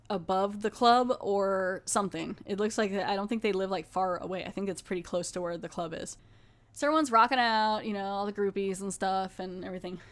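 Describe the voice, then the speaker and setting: A woman hosting a podcast, casually recapping a TV horror episode in a rambling, conversational way, with lots of "like". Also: medium pitch. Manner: rambling, filler-heavy, conversational. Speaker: podcast host.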